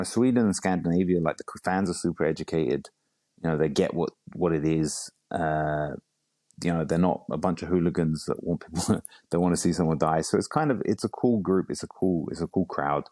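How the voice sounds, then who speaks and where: A man's voice: sits low, normal speed, warm tone, no room sound. A man from England with a London accent, a fighter and coach chatting casually in an interview, rambling and peppering his talk with "you know" and "bro". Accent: London English. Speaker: bare knuckle fighter and coach.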